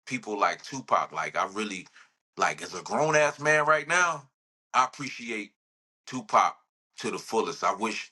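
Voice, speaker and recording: A man's voice: on the low side, sharp tone, breathy edge. A man, a rapper talking in a casual podcast interview, rambling and laid-back. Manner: laid-back, rambling, says "you know what I'm saying" often.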